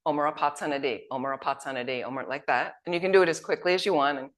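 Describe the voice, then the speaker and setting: A woman's voice: deep voice, fast. A woman teaching at a Buddhist retreat, telling anecdotes in a conversational way. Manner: anecdotal, conversational, acts out quotes. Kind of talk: retreat dharma talk.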